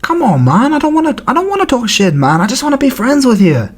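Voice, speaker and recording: A man's voice: extremely high pitch, huge pitch swings, fast, voice pushed up, heavily acted. A man impersonating a laid-back male fighter who pleads in a whiny voice to be friends. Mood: pleading.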